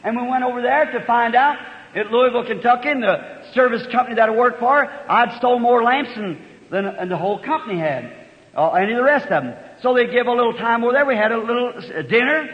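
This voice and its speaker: High-voiced fervent preacher in an echoing hall. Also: male voice, expressive, a little fast. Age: 50s. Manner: fervent, folksy storytelling with sudden loud outbursts. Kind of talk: sermon. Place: large church hall. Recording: dull old recording in a reverberant hall.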